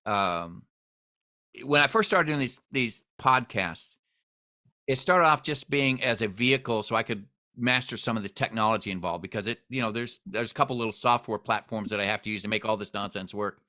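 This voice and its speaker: A man hosting a podcast, chatting casually and telling stories with lively quoted voices. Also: lowish voice, normal speed. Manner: storytelling, animated when quoting others. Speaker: podcast host. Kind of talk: casual interview chat.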